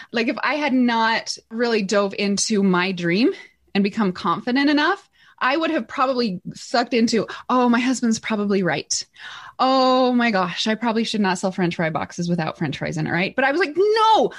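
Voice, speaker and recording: Lively excited businesswoman telling stories. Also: a little high. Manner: excited, animated storytelling with laughs. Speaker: podcast co-host and business owner. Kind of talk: casual chat.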